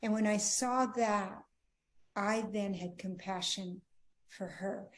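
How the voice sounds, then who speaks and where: A middle-aged woman, a marriage coach, telling her personal story earnestly in an interview, often dropping to a hushed tone. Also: mid-range voice, steady tone, slow pace. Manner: earnest, emotional, drops to a hushed voice at tender moments.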